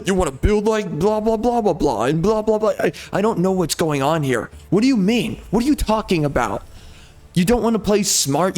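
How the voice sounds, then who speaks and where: A man's voice: high voice, a little mellow. A man giving casual gameplay commentary as a video creator, ranting in frustration with frequent mild cursing.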